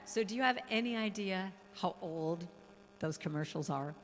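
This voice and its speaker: A woman guest speaker and musician giving a playful, animated spiritual talk in a church hall, now and then breaking into song. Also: fairly low pitch, moderate pace. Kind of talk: lively spiritual talk with singing.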